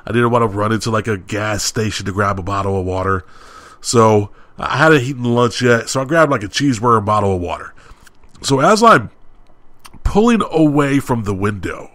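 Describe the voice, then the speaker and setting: A man co-hosting a podcast, telling a story in a casual, animated way and acting out heated exchanges. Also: medium pitch, no echo. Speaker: podcast co-host.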